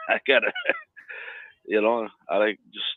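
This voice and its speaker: A man's voice: lowish voice, level tone, measured pace, no echo. A man telling rambling stories in a casual chat as co-host, often stammering and laughing. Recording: dry, phone-like line.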